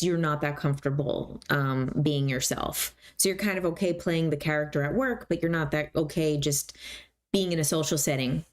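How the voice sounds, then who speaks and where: Woman host with a low voice, chatty self-help talk full of fillers. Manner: casual and conversational, many fillers.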